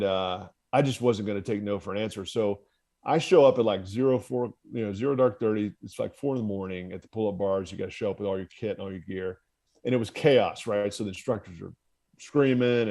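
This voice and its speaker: He's a podcast guest and ex-Marine officer from the US, his voice fairly low and darkish with fairly even intonation and a slightly quick pace. He tells his story casually and candidly, cursing and laughing at his own expense.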